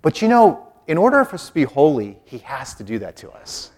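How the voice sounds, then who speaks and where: A man's voice: on the high side, wildly swooping pitch, fairly quick, darkish tone. A middle-aged man, a Catholic priest, preaching a conversational sermon and acting out quotes in different voices.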